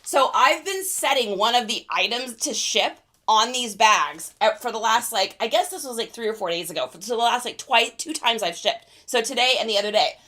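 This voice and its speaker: A young adult woman hosting a casual livestream, chatty and excitable, laughing often. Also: a little high, moderate pace, hardly any pauses. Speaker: reseller livestream host.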